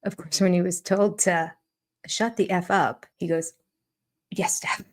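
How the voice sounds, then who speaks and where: A woman's voice: lowish voice, steady tone, normal speed. Sarcastic older woman commentator. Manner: sarcastic, amused, often laughing. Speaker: YouTube commentator. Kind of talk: reaction commentary.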